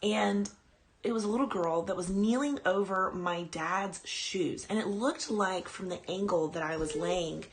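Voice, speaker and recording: On a live stream, a chatty woman podcast host rambles through her own ghost story and stops now and then to coo at her dog. Her mid-range voice moves at a measured pace, and there's a little hiss or hum.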